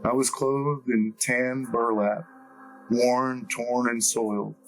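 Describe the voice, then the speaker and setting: A man reading a first-person story as an audiobook narrator, in a measured, deliberate way. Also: medium pitch, little pitch movement, faint music behind, rough recording.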